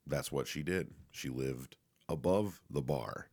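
A man's voice: a bass voice, takes it slowly, darkish tone. A man rambling casually and profanely, with lots of fillers, restarts and laughs. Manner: laughs often while talking.

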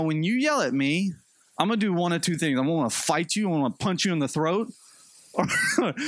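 A young male pastor with a high voice, preaching in a lively, animated way and acting out the people he quotes. The sound is dry and close, with no room around it. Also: no echo. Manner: animated, acts out quotes with a jumpy pitch. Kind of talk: sermon.

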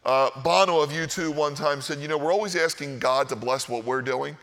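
A male pastor delivers a sermon in an animated, conversational way, often turning to the congregation for agreement. His voice is bright and a little high. The sound carries a long reverb, as if from a large hall. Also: fairly quick. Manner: animated, conversational, keeps asking "right?".

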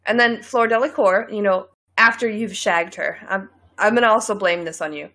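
Bright-voiced giggly woman podcaster. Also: medium pitch, normal speed. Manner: giggly, laughs often. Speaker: podcast co-host. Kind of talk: casual comedic podcast chat.

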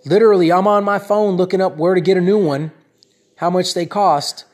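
A man telling a personal story that turns into a lesson, talking in an animated, rambling way and often checking in with "right?" and "you know?". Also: high voice, fairly quick. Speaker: speaker addressing his audience.

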